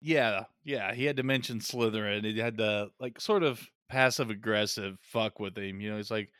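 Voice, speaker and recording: A man's voice: fairly low pitch, normal speed, fairly bright tone, clean tone, no room sound, clean studio sound. A man co-hosting a podcast in casual chat, explaining his theories and laughing often. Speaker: podcast co-host.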